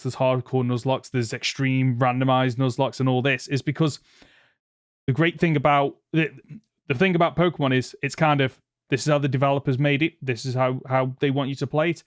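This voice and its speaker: Rambling podcast host, dry mic. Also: male voice, medium pitch, no echo. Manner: rambling, restarts often, laughs easily. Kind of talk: casual debate.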